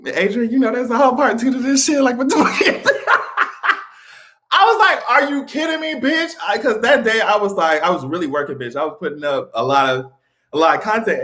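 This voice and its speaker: A man talking in a casual commentary vlog, animated, swearing freely and laughing often. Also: sits high. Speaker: vlogger.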